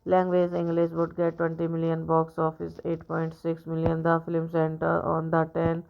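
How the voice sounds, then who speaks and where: A woman hosting a movie review channel, reading out film credits and facts in a halting way, stumbling and restarting words. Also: low-pitched, monotone, creaky, faint music behind. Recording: dull lo-fi recording.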